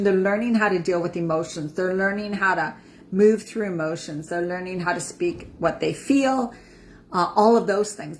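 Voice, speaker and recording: A woman's voice: mid-range voice, a little hiss or hum. A woman in her fifties giving a casual motivational talk as an empowerment coach, chatty and repeating words for emphasis. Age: 50s.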